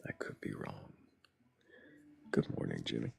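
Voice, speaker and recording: A man from Texas hosting a casual live-stream chat, relaxed and low-key, often dropping into a half-whisper. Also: measured pace. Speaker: host.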